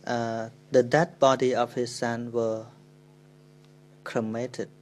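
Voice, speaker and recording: Khmer-accented monk, unhurried dharma talk, measured mid-pitch voice, stops to rephrase. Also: male voice, little pitch movement, low-quality recording. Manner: slow, unhurried, speaking English with pauses and self-corrections. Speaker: Buddhist monk.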